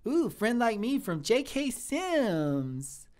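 With an extremely high pitch and a slow, heavily acted delivery, a man portrays a sweet, shy cook in his thirties in an improvised comedy live stream. The cook rambles in an earnest way and is readily flattered.

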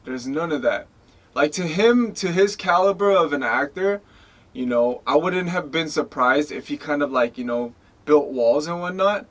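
A man's voice: a little high, normal speed. A man in his twenties from the United States, a guest telling stories in a casual interview, acting out quoted lines with lots of "like" and "you know". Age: 20s. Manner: animated storyteller, acts out quoted lines.

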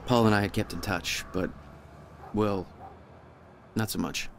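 An actor playing a video game protagonist, speaking in a measured, grim narration. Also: male voice, lowish voice, steady tone, a loud crowd. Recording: game audio with music underneath.

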